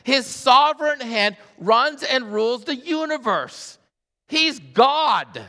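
A middle-aged man preaching a sermon as a pastor, animated and acting out voices in his stories. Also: extremely high pitch, unhurried. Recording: long hall reverb.

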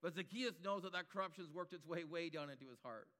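A man's voice: a little high, fast talker, fairly bright tone, long reverb tail. A man preaching a sermon, building his points through emphatic repetition.

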